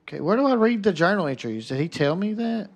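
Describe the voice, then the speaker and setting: A man's voice: high voice, very animated, fast talker, muffled recording. A man casually commenting on a game during a live stream and chatting with his viewers by name.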